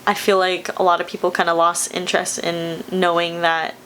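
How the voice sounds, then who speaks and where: A woman's voice: on the low side, little pitch movement, moderate pace, fairly bright tone, a little hiss or hum. A young woman talking in a personal vlog, emotional and close to tears, laughing often and rambling with many fillers. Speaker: vlogger.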